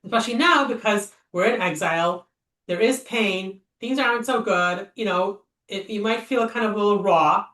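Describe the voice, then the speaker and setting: The speaker is a Torah study teacher leading an informal text class in an echoey room, her voice a bit away from the mic. She talks at normal speed in a mid-range, fairly bright voice, chatting and thinking aloud with many fillers and rhetorical questions.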